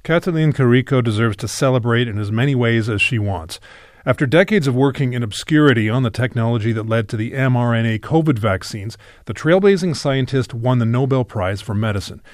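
A man's voice: mid-range voice, a little fast, dry recording, clean studio sound. A man hosting a radio program, reading scripted introductions with playful delivery. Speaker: radio host.

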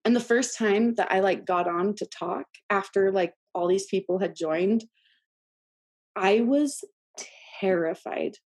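Being interviewed as a podcast guest, a woman in her thirties animatedly shares a personal story, chatting with lots of fillers and laughter. She has a mid-range voice and an unhurried pace.

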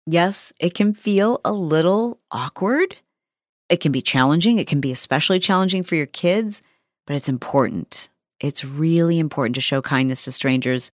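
Chatty woman with a low voice. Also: moderate pace, dry recording, studio quality. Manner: chatty, animated storytelling with lots of fillers. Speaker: podcast host. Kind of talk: casual podcast monologue.

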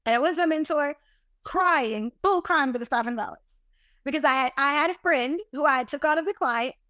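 High-voiced animated businesswoman. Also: moderate pace, no room sound, clean studio sound. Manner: animated, emphatic, self-deprecating. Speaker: podcast guest, business owner. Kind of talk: casual interview storytelling.

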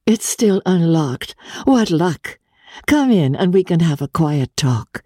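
A woman's voice: fairly low pitch, sing-song, slow pace, mellow, dry recording, clean studio sound, voice pushed up, heavily acted. A woman voicing an elegant, wistful young countess who talks in a lightly teasing, petulant way. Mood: eager.

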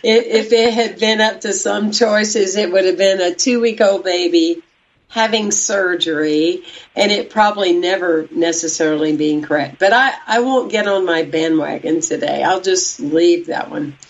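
A woman's voice: on the low side, moderate pace, muffled recording. A woman hosting an interview who speaks emphatically and gives her opinions freely. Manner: emphatic, opinionated, hesitant restarts. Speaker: interview host. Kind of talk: interview chat.

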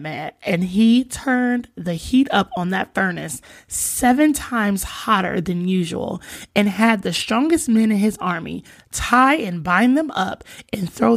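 A woman hosting a casual faith podcast, reading scripture aloud and retelling it with expressive, slangy asides and emphatic repetition. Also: mid-range voice, creaky, no echo. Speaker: podcast host.

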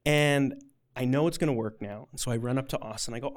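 A man's voice: medium pitch, fast talker. A man telling a personal story to an audience, conversational and rambling, with a self-deprecating, emotional edge.

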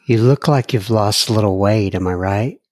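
A man hosting a podcast interview, asking gentle, soft-spoken questions. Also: lowish voice, moderate pace, no echo. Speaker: podcast host. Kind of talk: interview conversation.

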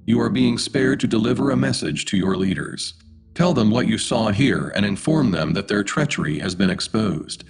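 Alien envoy with a machine-like delivery, low and gravelly, formal threats; a man voicing it. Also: normal speed, soft background music. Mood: coldly menacing. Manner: flat, menacing, formal. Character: cold robotic alien messenger voice.

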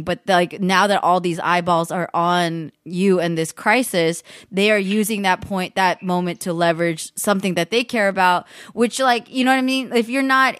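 Young woman, mid pitch, thoughtful and measured with fillers; dry recording. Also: a bit bright, no echo. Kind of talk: casual conversation.

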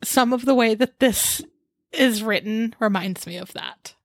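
A woman's voice: fairly high pitch, a little slow, dry recording, clean studio sound. A woman co-hosting a casual podcast, chiming in with short, easygoing reactions and laughs. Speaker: podcast co-host. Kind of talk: casual chat.

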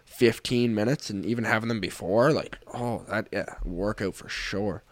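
A man's voice: fairly low pitch, normal speed, no room sound. A young man, a hockey player guest, chatting casually on a podcast and laughing often as he tells stories. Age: young adult. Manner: animated, laughs often while talking.

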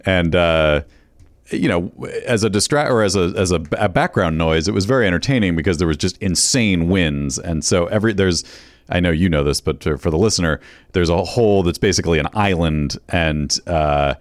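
Deep-voiced man in easygoing chat. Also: fairly quick, no room sound, clean studio sound. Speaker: podcast co-host. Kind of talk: casual chat.

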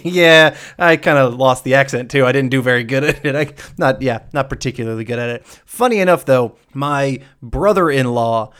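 A man's voice: mid-range voice, normal speed, few pauses, a bit bright, clear, resonant tone. A man hosting a podcast, chatting casually and jokingly, often laughing and rambling. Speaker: podcast host.

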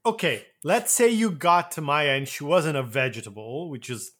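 A man's voice: on the high side, expressive, normal speed, a bit bright. A man chatting casually about a film, rambling, swearing and acting out characters as he retells scenes. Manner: rambling, swearing, acts out characters mid-story. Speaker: podcast co-host.

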